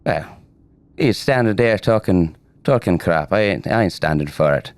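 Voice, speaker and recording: A man voicing a brash, scrappy male Irish marine, cheeky and quick with fillers, in character at a tabletop game. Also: low-pitched, animated, darkish tone, no echo.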